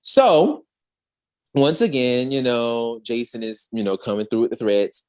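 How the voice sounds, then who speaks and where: A man hosting a podcast, telling a comic story in a slangy, animated way. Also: mid-range voice, unhurried. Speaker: podcast host. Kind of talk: casual comic recap chat.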